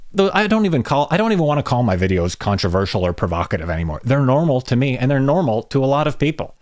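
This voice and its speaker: A man's voice: medium pitch, dry recording, clean studio sound. An American man hosting a casual livestream chat, rambling and self-deprecating as he greets viewers. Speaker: podcast host.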